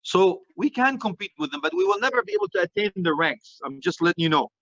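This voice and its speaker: Animated preacher. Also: male voice, high-pitched, fast, vocal fry, no echo, muffled recording. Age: middle-aged. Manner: animated, joking, mixes Arabic phrases. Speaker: Islamic preacher. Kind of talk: lively sermon.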